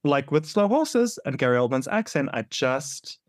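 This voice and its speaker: A man's voice: mid-range voice, big pitch swings, normal speed, no echo, clean studio sound. A man co-hosting a podcast, chatting animatedly and laughing often, with playful exasperation. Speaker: podcast co-host. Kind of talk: casual chat.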